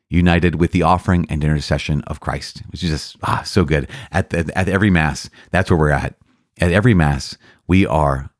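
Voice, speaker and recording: An earnest, enthusiastic priest talks through church teaching in a very low voice. He often restarts and repeats words as he goes. The sound is dry and close, with no room echo. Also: normal speed. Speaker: priest podcast host. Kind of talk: catechism commentary.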